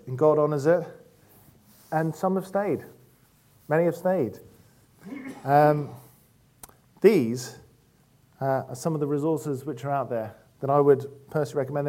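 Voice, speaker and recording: A man gives a church talk in an easy, conversational way. His voice sits a little high, and he drifts into anecdotes with frequent ums. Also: darkish tone. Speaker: church speaker.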